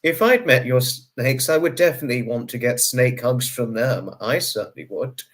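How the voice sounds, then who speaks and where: A man, hosting a casual livestream and reading out viewer comments in a chatty way, greeting each viewer with sudden high bursts. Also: moderate pace. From United Kingdom. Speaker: livestream host.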